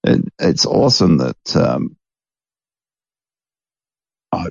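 A man's voice: low voice, sing-song, slow, creaky, breathy edge, no echo, dull audio. A man hosting a rambling, casual late-night chat at home, chuckling often. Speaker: podcast host.

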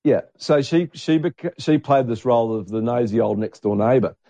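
A man's voice: medium pitch, moderate pace, warm tone, no room sound, lo-fi sound. A middle-aged man, chatting casually in a rambling, blunt and crude way. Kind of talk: casual chat.

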